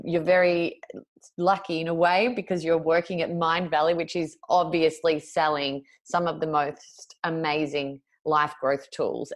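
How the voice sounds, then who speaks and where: Low-voiced woman hosting a podcast, agreeing and summing up what the guest says. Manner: warmly affirming, summarizing the guest's points. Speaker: podcast host. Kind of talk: conversational podcast interview.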